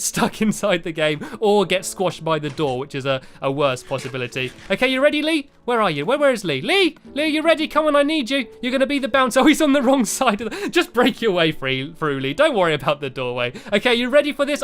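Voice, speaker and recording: A man giving let's-play gameplay commentary, hesitant with many "uh" fillers and turning excitable and cheering as the game runs. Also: high-pitched, smooth. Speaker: game channel host.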